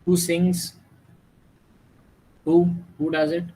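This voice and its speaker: Animated male teacher. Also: fairly high pitch, drawn-out words, rough recording. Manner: animated, mixes English with Hindi, asks students questions. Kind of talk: classroom lecture.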